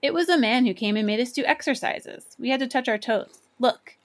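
A woman voicing a bold, cheeky young schoolboy who talks eagerly and loudly, scornful at times. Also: on the high side, fairly quick, pitched above the performer's own voice, natural voice.

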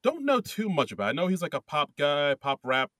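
A man co-hosting a casual podcast, chatty and quick to laugh, with many hesitant fillers. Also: a little high, very animated, fairly bright tone, dry recording. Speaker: podcast co-host. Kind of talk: casual chat.

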